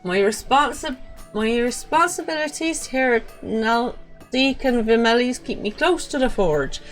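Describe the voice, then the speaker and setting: A woman voicing a brash male game character, reading the lines loudly and slowly in a botched mock Scottish accent. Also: a little high, expressive, faint music behind, voice pushed up. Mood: pompous. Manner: loud, slow, deliberate line reading. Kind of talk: reading game dialogue aloud.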